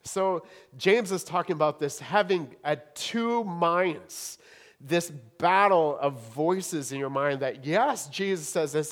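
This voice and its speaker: A male pastor delivers a sermon with a somewhat high voice. He drops into quiet, almost hushed stretches, then climbs into emphatic, louder declarations. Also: slow pace. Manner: dynamic preaching, swinging between hushed and rising emphatic.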